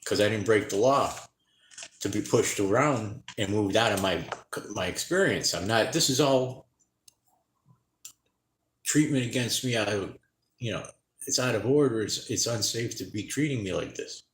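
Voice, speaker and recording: A man's voice: lowish voice, a little hiss or hum. Tired, distressed man in an echoey room. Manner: halting, rambling, distressed, with many restarts. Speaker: vlogger. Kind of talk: unscripted personal vlog to camera. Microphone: camera mic.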